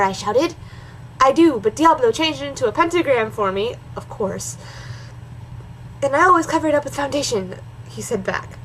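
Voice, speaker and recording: A woman's voice: high voice, lively intonation, normal speed, a bit bright, slight background noise, low-quality recording. A woman doing a comedic dramatic reading of a bad story, breaking off for sarcastic asides. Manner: sarcastic, mocking, switches between reading and snarky asides. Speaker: reaction video host.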